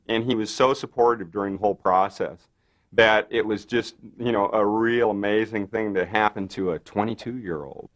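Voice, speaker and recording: At a normal pace, a low-voiced interviewee shares animated stories from his time working on films. He voices the quoted dialogue himself, leaning on "you know" again and again.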